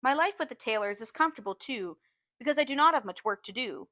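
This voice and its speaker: A woman reading a novel aloud in a measured storytelling manner, slowing down to stress key phrases. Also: a little high, lively intonation, sharp tone, no echo. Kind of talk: audiobook-style reading.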